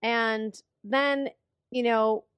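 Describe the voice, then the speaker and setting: Woman co-host, a bit high, laughs and swears freely, dead dry mic. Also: steady tone, drawn-out words, fairly bright tone, clean tone, dry recording. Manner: laughing, swearing, acts out lines. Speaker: podcast co-host. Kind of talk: casual chat recapping a film.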